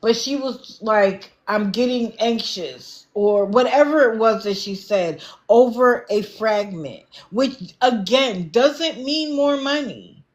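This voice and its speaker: A woman's voice: on the high side, animated, takes it slowly, hardly any pauses, highs cut off. A woman doing casual livestream commentary, blunt and lecturing, with an exasperated edge. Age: adult, not young.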